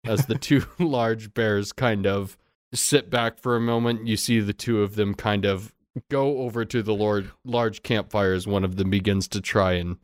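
A man's voice: fairly low pitch, steady tone, measured pace, no room sound, studio quality. A man as dungeon master, narrating a tabletop game in a loose, descriptive way. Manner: descriptive, loose, with fillers like "kind of".

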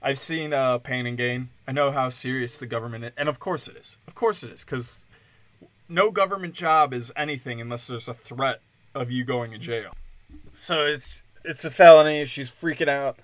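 A man's voice: mid-range voice, moderate pace, sharp tone, no room sound. A young man, a comedian hosting a podcast, ranting in a blunt, profane and mocking way. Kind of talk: casual comedic rant.

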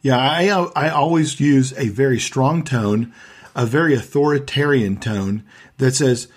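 A man's voice: mid-range voice, unhurried, breathy edge. A middle-aged man hosting a casual conversation about sales, talking in a firm, storytelling way.

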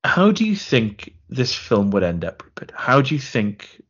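A man's voice: medium pitch, sing-song, unhurried, breathy edge, dull audio. A man co-hosting a podcast, rambling sarcastically through a film plot and interrupting himself. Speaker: podcast co-host. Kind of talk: casual film-review chat.

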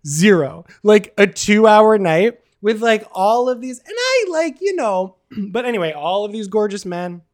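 Animated, self-mocking man podcaster. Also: high voice, normal speed, hardly any pauses. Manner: animated storytelling, frequent "like" fillers; self-mocking, laughs at himself. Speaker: podcast co-host. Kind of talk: casual chat.

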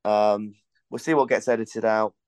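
A man's voice: on the low side, steady tone, moderate pace, darkish tone, smooth, dry recording. A man hosting a podcast, telling a rambling, casual story and swearing now and then. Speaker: podcast host.

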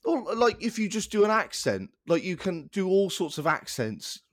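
A man's voice: high voice, big pitch swings, normal speed, dry recording, clean studio sound. A man co-hosting a casual podcast chat, ranting in an exasperated way and swearing freely. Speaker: podcast co-host.

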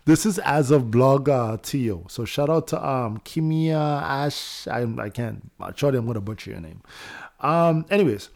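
A man's voice: medium pitch, expressive, unhurried, a little mellow. A young man from Toronto hosting a casual podcast, loose and slangy, laughing as he talks. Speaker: podcast host.

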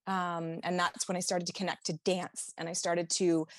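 A woman's voice: lowish voice, little pitch movement, moderate pace, dry recording, clean studio sound. A woman guest on a podcast telling a personal story openly and emotionally, laughing now and then as she talks. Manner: open, emotional, laughs while recalling.

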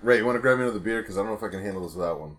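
A man co-hosting a podcast, loud and animated, swearing and egging his friends on. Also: lowish voice, rapid-fire. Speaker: podcast co-host. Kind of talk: crude casual banter.

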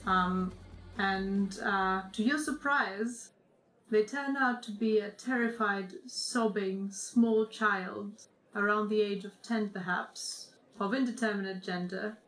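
A woman narrating as game master of a tabletop role-playing game, calm and unhurried, with frequent ums. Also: mid-range voice, roomy sound, low-quality recording.

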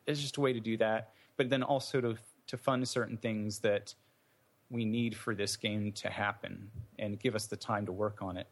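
A man's voice: on the low side, steady tone, normal speed. A man, an indie game developer, answering interview questions in a thoughtful, meandering way with many fillers and restarts.

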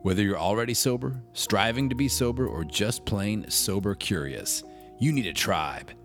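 Man, announcer, low voice, measured, emphatic, guitar music underneath. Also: lively intonation. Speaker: podcast announcer. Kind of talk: scripted promo announcement.

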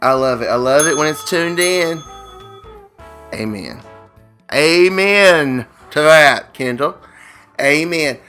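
Slow, playful joking man. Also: fairly high pitch, lively intonation, bright, forceful tone, clear, resonant tone, soft background music. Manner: playful, jokey, slow and drawn out. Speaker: podcast co-host. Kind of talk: casual joke-telling banter.

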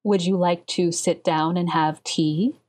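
A woman's voice: lowish voice, steady tone, unhurried, a little mellow. A woman voicing a smirking male house servant who speaks formally and politely, with a hint of contempt.

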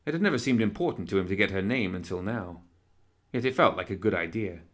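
A man narrating an audiobook in a measured, even storytelling manner. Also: low voice.

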